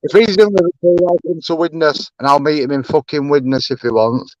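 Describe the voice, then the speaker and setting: A man's voice: on the high side, lively intonation, a little fast, darkish tone, no echo, lo-fi sound, faint music behind. A young man, ranting angrily and swearing on a live-stream panel. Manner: angry, swearing, repetitive.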